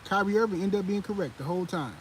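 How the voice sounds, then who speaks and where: A man hosting a live sports commentary stream, talking in a heated, animated way with many fillers and restarts. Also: high voice, fast talker, a little hiss or hum, poor audio. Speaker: sports commentary channel host.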